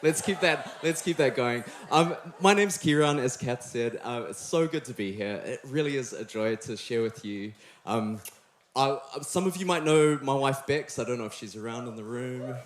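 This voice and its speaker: A man's voice: mid-range voice, normal speed, a little hiss or hum. A young man with a New Zealand accent, preaching a sermon to a live congregation in a friendly, joking, chatty way. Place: church hall before a live congregation. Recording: echoey church hall.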